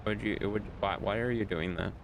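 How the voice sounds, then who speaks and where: A man's voice: fairly low pitch, fairly quick, gravelly, background noise. A man streaming a game live, chatting casually and teasingly scolding his chat while he plays. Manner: bantering, scolds and teases chat.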